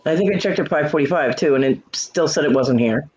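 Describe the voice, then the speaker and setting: A middle-aged woman hosting a casual livestream chat, telling a story with lots of swearing and jumping into high voices for quotes while greeting viewers. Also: a little fast. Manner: profane, animated storytelling with leaping voices for quotes. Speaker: livestream host. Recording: muffled lo-fi stream audio.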